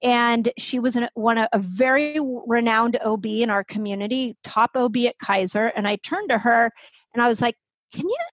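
A woman in her fifties, a health expert guest, telling her own story in a lively conversational way and acting out the voices of people she quotes. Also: on the high side, dry recording, highs cut off. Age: 50s. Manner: animated, quick to act out quoted voices.

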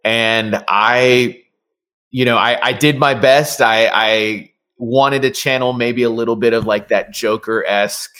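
A man's voice: medium pitch, steady tone, unhurried, bright, forceful tone, clear, resonant tone. A man, a voice actor, chatting casually as an interview guest with many fillers and restarts.

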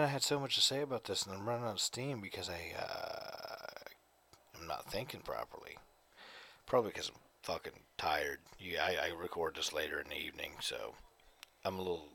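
A man's voice: low-pitched, bright, forceful tone. A man hosting his own casual solo podcast, talking close to the mic in profane, rambling rants. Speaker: podcast host. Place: home, evenings. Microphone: close desk mic.

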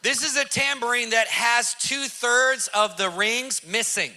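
A man telling a dramatic testimony in an animated, emphatic way, repeating lines for effect and using casual slang. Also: extremely high pitch, unhurried, a little hiss or hum. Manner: emphatic, vivid storyteller who repeats for effect. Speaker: Christian activist telling a testimony.

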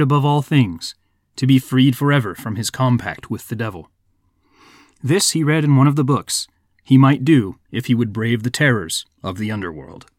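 A man narrating a folk tale in a measured, even storybook reading. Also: mid-range voice, no echo, clean studio sound.

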